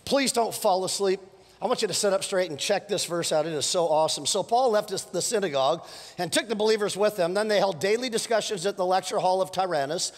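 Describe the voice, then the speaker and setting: A male pastor preaching a sermon, telling stories with playful asides and building to fired-up calls, his voice a little hoarse from preaching several services. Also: high voice, quick pace. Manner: animated, storytelling with playful asides and rising exhortations. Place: church sanctuary. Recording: long church hall reverb.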